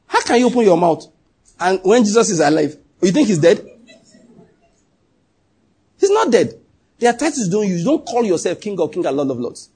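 A man's voice: high-pitched, sing-song, normal speed, pauses often, darkish tone, slightly rough. A man preaching a sermon as pastor, emphatic, often throwing questions to the congregation.

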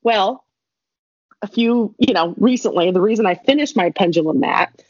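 A woman's voice: mid-range voice, normal speed, a little mellow, dry recording. A young woman telling a rambling story in casual chat, laughing and adding asides as she goes. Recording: dull lo-fi dry recording.

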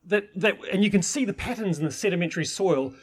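A man's voice: high-pitched, fast talker, slightly rough. A man teaching permaculture in an enthusiastic, rambling way, with many restarts. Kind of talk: informal teaching talk.

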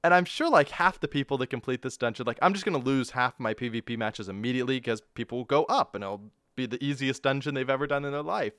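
A man's voice: medium pitch, lively intonation, quick pace, few pauses, fairly bright tone, no echo, studio quality. A man hosting a casual game review podcast, rambling, self-mocking and laughing often. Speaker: podcast host.

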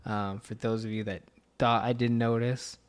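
A man chatting casually on a podcast about a movie. He rambles, corrects himself mid-sentence and laughs a lot, with his pitch sitting in an ordinary middle range. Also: level tone, normal speed. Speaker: podcast co-host. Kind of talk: casual film commentary chat.

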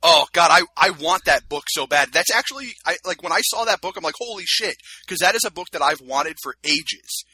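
A man's voice: a little high, lively intonation, fairly quick, few pauses, pushed and bright, breathy edge, dry recording. A man co-hosting a casual film review chat, talking in a rambling, self-deprecating way. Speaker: podcast co-host.

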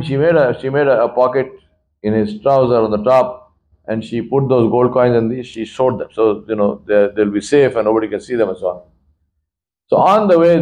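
A man giving a sermon as imam, telling a moral story in a conversational way and acting out the characters' voices. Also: low-quality recording. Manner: animated storyteller, acts out voices with big pitch swings; conversational, addresses listeners directly.

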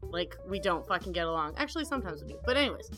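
Young adult woman, podcast co-host, bright and lively, teasing, swears freely. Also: fairly low pitch, very fast, faint music behind. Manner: teasing, laughs often, swears. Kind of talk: casual chat.

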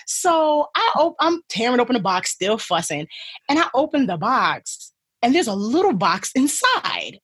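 A young woman telling a story in casual chat, animated and laughing, acting out what people said. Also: a little high, unhurried, slightly rough, no room sound. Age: young adult. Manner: animated, laughing, acts out quotes. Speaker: guest.

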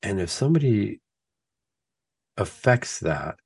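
A man's voice: lowish voice, very animated, slow pace, gravelly, darkish tone, husky, no echo. A man hosting a Catholic talk show in casual conversation, acting out excuses in a raised voice and building his points through repeated questions. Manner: acts out imagined excuses in a raised voice.

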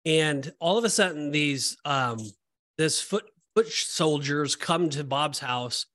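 Emotional man, higher voice, rambling. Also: takes it slowly, a bit bright. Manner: rambling, emotional, many restarts. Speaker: podcast co-host. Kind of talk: casual Bible discussion.

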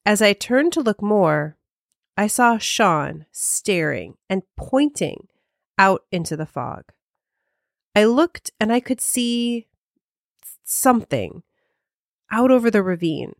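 Woman podcast co-host, lively storyteller, dry close sound. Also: slow pace, vocal fry, pauses often, no echo. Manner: animated, pitch jumps when telling a story. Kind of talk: casual chat and told ghost story.

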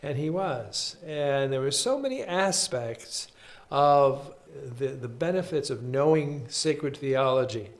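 A bishop recounting stories in an interview. His voice sits at a middle pitch for a man, and he tells things anecdotally, often restarting his sentences. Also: animated, takes it slowly. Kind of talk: storytelling interview answer.

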